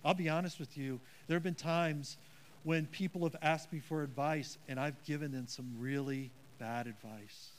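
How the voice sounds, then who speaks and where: A man's voice: on the high side, steady tone, normal speed, slight background noise. A man preaching a sermon as pastor, earnest and emphatic, with a self-deprecating touch.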